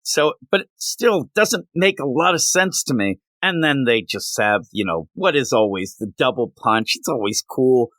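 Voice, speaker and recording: Male comics podcast host, bright and forceful, casual and jokey, dry sound. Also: mid-range voice, normal speed, hardly any pauses, no room sound. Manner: animated, jokey, restarts a lot. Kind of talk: casual review chat.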